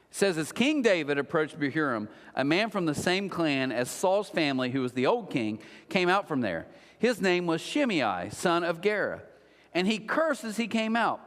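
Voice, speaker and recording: A pastor giving a casual, conversational sermon, retelling a Bible story with animated voices for the people in it. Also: male voice, a little high. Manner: animated storytelling, acts out quotes. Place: church auditorium. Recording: long hall reverb.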